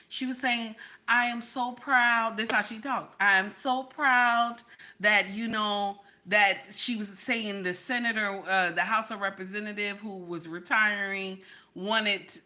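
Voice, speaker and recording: A woman's voice: medium pitch, sharp tone. A woman doing reaction commentary on a clip, sassy and incredulous, repeating her points.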